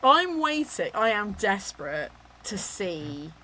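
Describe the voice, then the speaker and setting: Chatty laughing English book-club host. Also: female voice, medium pitch, takes it slowly, slight background noise. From England. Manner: animated, laughs often, teasing. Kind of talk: casual chat.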